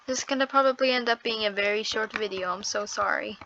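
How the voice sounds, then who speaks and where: A woman's voice: medium pitch, fast talker, lo-fi sound, noisy background. A woman giving casual gameplay commentary on her first video, nervous and apologetic, exclaiming often. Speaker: first-time gaming video creator.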